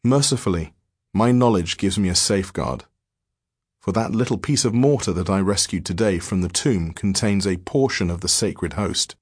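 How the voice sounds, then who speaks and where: A man narrating a diary-form horror story in a measured, grave manner. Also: low voice, husky, no room sound, clean studio sound.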